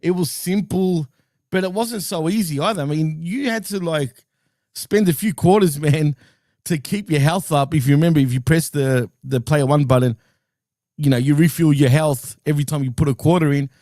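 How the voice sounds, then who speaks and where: A man's voice: on the high side, normal speed, dark tone, dry recording, studio quality. A man co-hosting a podcast in casual chat, enthusiastic and nostalgic, laughing often. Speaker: podcast co-host.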